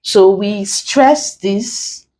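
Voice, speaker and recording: A woman teacher with a Nigerian accent, speaking very slowly and deliberately. She spells out letters one by one in an exam-prep lesson, and her voice sits at an ordinary middle pitch. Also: mellow, rough recording.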